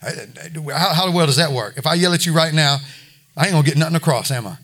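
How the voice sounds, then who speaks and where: A man's voice: on the high side, quick pace, a bit bright. A middle-aged man preaching an informal sermon in a folksy, conversational way, often repeating himself. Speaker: preacher at a recovery ministry.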